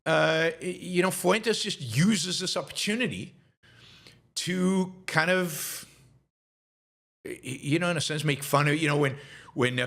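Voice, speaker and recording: A man delivers a political commentary monologue as host of his show. His voice sits a little high for a man, and he repeats words and restarts often, then drives his points home with rhetorical questions. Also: fairly bright tone.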